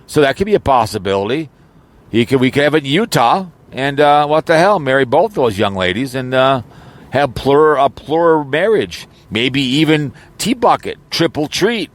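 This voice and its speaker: A man's voice: on the high side, big pitch swings, normal speed. A man rambling casually in an audio vlog, joking around with lots of fillers and false starts, recorded in his car. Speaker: YouTuber.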